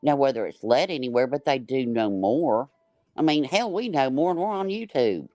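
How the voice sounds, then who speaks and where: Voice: mid-range voice, lively intonation, moderate pace, a little mellow, no echo. A panel guest talks in a loose, rambling way, stumbling over restarts and piling up fillers. The voice sits mid-range, and the sound is dry and close with no room to it. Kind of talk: casual livestream chat.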